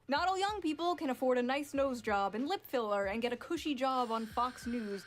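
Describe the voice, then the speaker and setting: Brief: woman commentator, high voice, biting sarcasm, scripted delivery. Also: expressive, moderate pace. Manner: sarcastic, profane, rhetorical. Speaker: commentary YouTuber.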